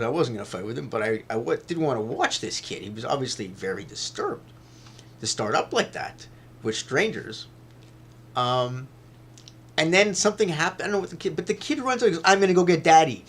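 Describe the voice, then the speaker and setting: Male vlogger, mid-pitched, rambling monologue with restarts and swearing, heats up into loud retelling. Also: big pitch swings, brisk, husky. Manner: rambling, repeats himself, swears, grows loud when retelling a fight.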